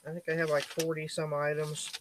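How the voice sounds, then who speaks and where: A woman's voice: low-pitched, completely flat delivery, a little fast, slight background noise. A woman reseller chatting casually and joking easily with the group. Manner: joking, easygoing. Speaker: reseller guest.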